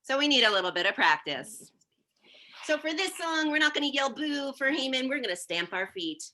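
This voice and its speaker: A woman's voice: sits high, big pitch swings, fairly quick, sharp tone. A woman leading songs and blessings for a congregation, chatty and encouraging between verses, playing guitar. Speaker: song leader at a synagogue celebration. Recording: faint guitar music behind.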